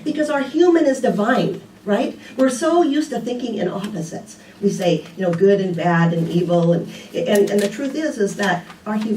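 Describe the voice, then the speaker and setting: An older speaker at a spiritual community, her voice mid-range, gives a casual, conversational sermon of homely stories and rhetorical questions. Picked up from a distance, she echoes around a large room over a faint ambient hum.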